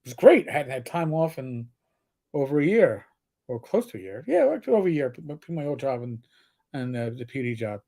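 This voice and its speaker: A man's voice: medium pitch, sing-song, a little fast, dark tone. A middle-aged man, a former police officer co-hosting a livestream, telling blunt, profane stories in casual chat. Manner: blunt storyteller, swears freely.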